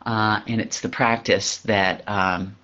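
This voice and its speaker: A man giving a reflective spiritual talk, pausing often, searching for words and laughing softly now and then. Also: fairly low pitch, fairly even intonation. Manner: halting, searching, with soft laughs and frequent pauses. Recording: dull lo-fi recording.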